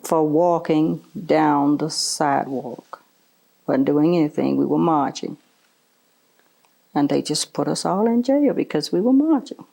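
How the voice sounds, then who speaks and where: An older woman from the American South speaks in a low voice with gravelly fry. Her tone is dark and mellow as she earnestly answers questions in an oral history interview, often affirming with brief repeated replies. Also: a little slow.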